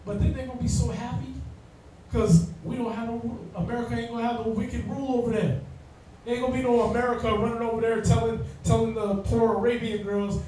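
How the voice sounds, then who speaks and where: Brief: high-pitched male Bible class teacher, slangy and joking, miked from far off in a very echoey room. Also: little pitch movement, fairly quick, dark tone, a little hiss or hum.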